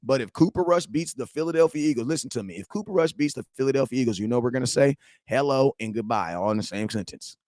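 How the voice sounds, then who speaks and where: A young sports talk host on a live stream speaks fast with lively intonation and few pauses, in a mid-range, darkish voice with no room sound. His heated, slangy rant repeats points and addresses viewers directly.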